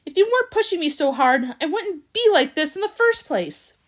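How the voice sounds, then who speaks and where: A woman's voice: fairly high pitch, huge pitch swings, brisk. A woman reading a storybook, voicing a tired young woman who is close to tears and speaks in a quavering voice. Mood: hurt. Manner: quavering, wounded.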